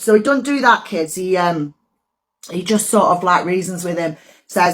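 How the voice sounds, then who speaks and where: A woman doing comedic story time for kids, rambling, gruff and chatty. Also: medium pitch, moderate pace. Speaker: comic storyteller.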